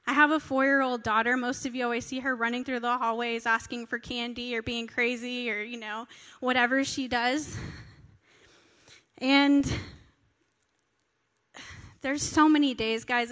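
High bright woman preaching in a reverberant hall. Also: steady tone, moderate pace, long pauses. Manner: earnest, conversational, acts out quoted prayers. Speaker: pastor. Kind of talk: sermon. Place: church hall.

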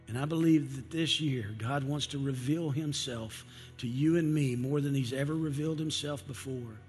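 A man's voice: mid-range voice, darkish tone. Preacher man in a reverberant hall. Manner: emphatic, with dramatic pauses and slowed quotes. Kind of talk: evening sermon. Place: church sanctuary. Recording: long hall reverb with faint music.

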